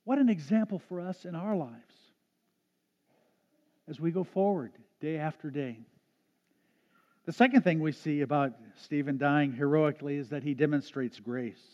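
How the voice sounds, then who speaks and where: A man's voice: sits high, darkish tone. A man preaching a sermon as a pastor in a church, earnest, often restarting his phrases. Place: church sanctuary. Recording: dull, echoey sanctuary sound.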